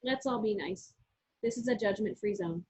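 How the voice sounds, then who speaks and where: A woman's voice: mid-range voice, moderate pace, darkish tone, husky. A woman, co-hosting a casual knitting chat from her yarn shop and explaining techniques step by step. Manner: chatty, explains step by step with restarts. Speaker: yarn shop owner and co-host. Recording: muffled lo-fi audio.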